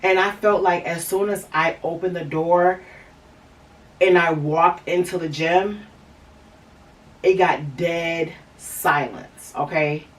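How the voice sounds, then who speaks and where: A woman's voice: lowish voice, steady tone, takes it slowly, distant mic, low-quality recording. A woman hosting a podcast, telling a candid personal story in a rambling way, with lots of fillers and restarts. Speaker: podcast host.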